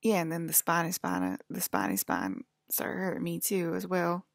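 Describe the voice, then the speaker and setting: A woman's voice: lowish voice, big pitch swings, normal speed, gravelly, no echo, clean studio sound. A woman talking in a casual, rambling monologue, full of "like" fillers and drifting from topic to topic. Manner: offhand, drifts between topics.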